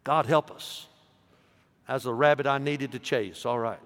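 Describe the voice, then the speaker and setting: A man preaching a sermon as pastor, emphatic, swinging between loud stresses and soft asides. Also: mid-range voice, steady tone, a little slow. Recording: long reverb of a large hall.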